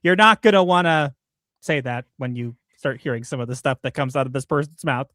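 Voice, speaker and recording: A man's voice: mid-range voice, a little fast, fairly bright tone, no room sound, clean studio sound. A man co-hosting a livestream, reading out viewer messages in a casual, playful way, with frequent stammered restarts. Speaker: livestream co-host.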